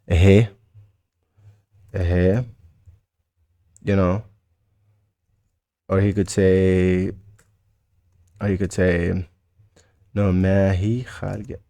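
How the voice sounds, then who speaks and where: A man with a Mauritanian accent teaching a casual language lesson, repeating words slowly and chatting loosely. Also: deep voice, gravelly, darkish tone, dry recording.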